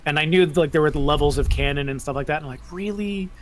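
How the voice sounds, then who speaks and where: A man co-hosting a podcast, telling his views in an animated, chatty way during a casual fan chat. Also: a little high, very fast. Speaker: podcast co-host.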